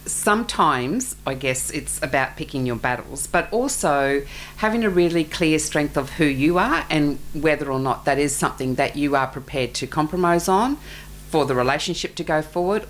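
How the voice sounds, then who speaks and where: Retired psychologist woman, very low voice, thoughtful, light hiss behind. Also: expressive, normal speed, rough recording. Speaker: studio guest, retired psychologist. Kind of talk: casual radio interview. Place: radio studio.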